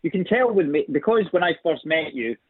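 A man's voice: on the high side, lively intonation, a little fast, husky, dry recording. A man with a thick Scottish accent, chatting as a guest over the phone, talkative and self-deprecating. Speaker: guest actor. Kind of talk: casual chat. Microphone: phone call. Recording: tinny phone line.

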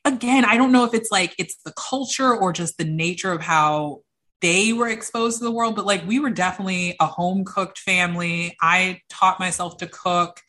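A young woman, an interview guest, telling personal stories in an animated way and acting out the voices of the people she quotes. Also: lowish voice, moderate pace. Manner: acts out quoted voices, lively. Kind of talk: animated storytelling.

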